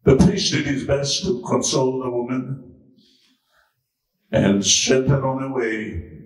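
Slow dramatic preacher in an echoey hall. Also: male voice, medium pitch. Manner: dramatic, swings between hushed and shouting. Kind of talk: dramatic storytelling sermon. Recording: very echoey room, far from mic.

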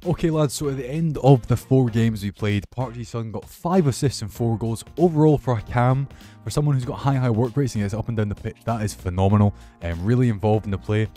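A young man commentating his football video game with excitable, sweary banter. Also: mid-range voice, a little fast, faint music behind. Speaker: gaming YouTuber. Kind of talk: casual gameplay commentary.

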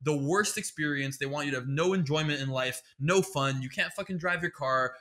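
A man hosting a podcast, rambling through a comedic monologue full of swearing and sarcasm. His voice is somewhat high for a man and very bright and forceful. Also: brisk, few pauses. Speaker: podcast host.

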